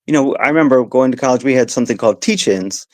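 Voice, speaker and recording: A man with a Mid-Atlantic Southern accent, a guest on an interview, answering thoughtfully with restarts and soft laughs. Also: medium pitch, quick pace, no echo. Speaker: guest, education advocate.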